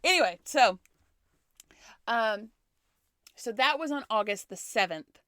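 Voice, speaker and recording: Slow-talking woman podcast host. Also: a little high, no room sound, studio quality. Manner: relaxed storytelling, laughs often, casual swearing. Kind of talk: casual history podcast chat.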